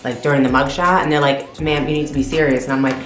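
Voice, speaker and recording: Female vlogger, animated storyteller with a loose, profane delivery; roomy recording with faint music. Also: extremely low pitch, quick pace. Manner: animated, swears freely. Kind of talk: casual storytelling.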